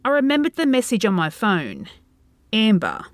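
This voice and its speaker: Woman narrating a horror story with lively pitch. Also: unhurried. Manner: tense, dread-filled storytelling.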